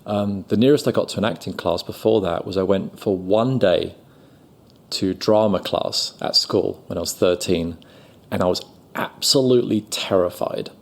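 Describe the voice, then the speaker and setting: Gravelly London man telling a story. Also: low-pitched, moderate pace. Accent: London English. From England. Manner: chatty, self-deprecating, lots of fillers and acted-out quotes. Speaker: guest actor. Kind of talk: casual interview storytelling.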